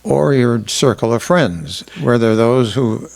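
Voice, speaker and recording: Male interviewer, gravelly voice, slow and halting questions. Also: medium pitch, darkish tone. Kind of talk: oral history interview.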